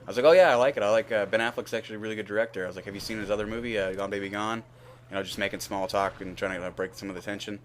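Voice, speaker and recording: A man's voice: on the low side, little pitch movement, very fast, fairly bright tone, a little hiss or hum. A young man telling a rambling, candid story over gameplay, swearing freely and acting out both sides of the conversation. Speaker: gaming video host. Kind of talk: casual gameplay commentary storytelling.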